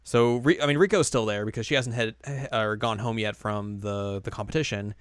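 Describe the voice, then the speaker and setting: Male podcast co-host, smooth dry voice, chatty and rambling recap. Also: on the low side, brisk, no echo. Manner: rambling, filler-heavy, often acts out lines. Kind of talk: casual chat recapping an anime.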